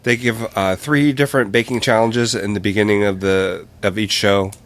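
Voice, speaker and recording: Podcast co-host, man, relaxed earnest chat, slightly low voice. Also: normal speed. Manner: earnest, enthusiastic, easygoing. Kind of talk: casual chat.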